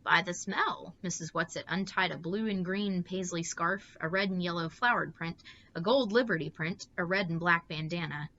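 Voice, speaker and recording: A woman reading a bedtime story aloud in a steady, expressive way. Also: lowish voice, moderate pace, lo-fi sound.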